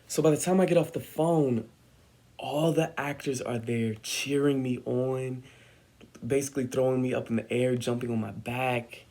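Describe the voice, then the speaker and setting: A young man telling a personal story on his vlog, animated and dramatic as he acts out what others said. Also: medium pitch, normal speed. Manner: animated, dramatic retelling with acted-out quotes. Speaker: vlogger.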